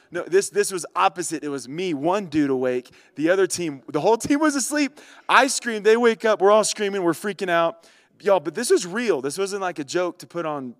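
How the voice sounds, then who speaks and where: A man's voice: fairly high pitch, no room sound, studio quality. Chatty man telling a story. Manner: animated, chatty, addresses listeners directly. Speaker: vlogger. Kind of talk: casual storytelling to camera.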